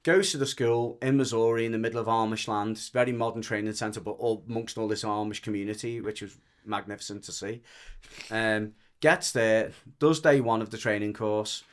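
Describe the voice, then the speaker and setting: A man with a Merseyside accent tells a story in a loose, conversational way. His voice sits a little low, and he wanders, restarts his sentences and swears freely as he talks. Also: fairly even intonation, a little fast. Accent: Merseyside English. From the Wirral, England. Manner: rambling, frank, restarts often, swears. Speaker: dog trainer and podcast guest. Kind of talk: casual storytelling chat.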